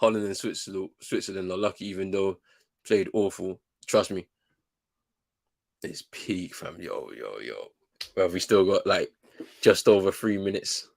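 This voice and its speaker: A man's voice: low voice, measured pace, gravelly, a little mellow. A young man reacting to a football match live as a watchalong host, slangy and exasperated, often breaking into laughter.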